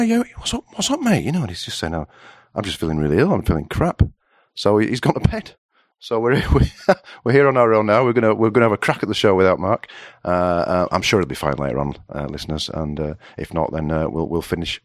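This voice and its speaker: A man who hosts a comic radio show, rambling, excitable and sweary. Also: sits low, dry recording, studio quality.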